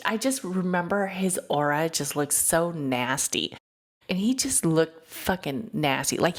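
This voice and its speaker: Gravelly-voiced woman telling a story. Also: low-pitched. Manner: animated, profane, chatty with slang asides. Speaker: podcast host. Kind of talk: casual storytelling.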